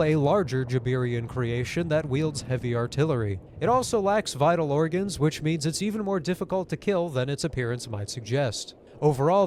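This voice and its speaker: A man's voice: a little high, darkish tone, a little hiss or hum. A young man hosting a video, narrating a scripted essay with wry, conversational asides. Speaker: YouTube host.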